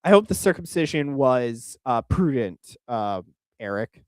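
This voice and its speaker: A man's voice: mid-range voice, sing-song, a little slow, clear, resonant tone, dry recording. A young man from Oklahoma streams his reaction to a video. His voice swoops all over as he talks in a crude, exasperated way and stumbles over restarts. The sound is dry and close. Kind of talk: casual reaction commentary.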